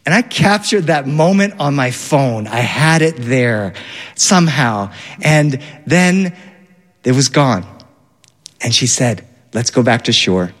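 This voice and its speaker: A man telling a personal story about his family in an animated, vivid, run-on way. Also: medium pitch, slow pace. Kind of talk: personal storytelling before an audience. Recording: long hall reverb.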